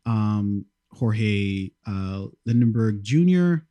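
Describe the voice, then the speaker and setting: A man's voice: fairly low pitch, slow, few pauses, mellow, smooth, dry recording. A man hosting a podcast in casual chat, hesitant and full of filler words, stumbling over names. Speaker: podcast host.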